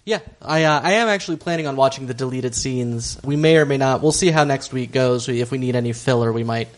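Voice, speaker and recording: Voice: medium pitch, quick pace. A podcast co-host chatting casually and reading listener letters with dry, understated humor.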